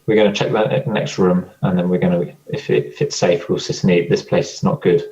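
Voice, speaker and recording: A man playing a tabletop game, describing his character's actions in a halting way that repeats words. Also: sits low, fairly even intonation, darkish tone. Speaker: player. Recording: dull lo-fi recording.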